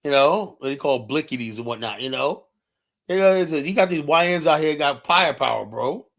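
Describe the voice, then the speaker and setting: A man's voice: a little high, lively intonation, a little fast, a bit bright. Blunt, profane man ranting on stream. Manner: fillers like "you know" throughout. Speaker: live streamer. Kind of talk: heated casual rant.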